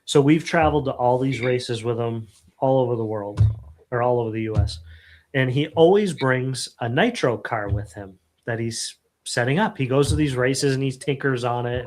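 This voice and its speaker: A middle-aged man hosting a casual live stream, telling animated stories and acting out quotes. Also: medium pitch. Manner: animated storyteller, acts out quotes. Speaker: host.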